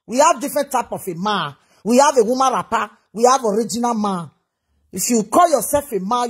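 A woman scolds and lectures at length. Her voice is husky and breathy, and she switches between English and a local language. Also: on the high side, lively intonation, a little fast. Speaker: commentator. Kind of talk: scolding commentary.

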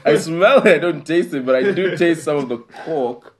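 A man's voice: on the high side, normal speed, a little hiss or hum. A man co-hosting a podcast, chatting casually and laughing often. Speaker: podcast co-host. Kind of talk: casual chat.

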